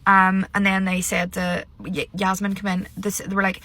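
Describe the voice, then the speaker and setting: A woman's voice: mid-range voice, flat delivery, normal speed, bright, forceful tone. A woman ranting sarcastically and with lots of swearing while filming herself on her phone in a parked car. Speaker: vlogger reviewing a reality show. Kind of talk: casual ranting commentary. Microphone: phone held at arm's length.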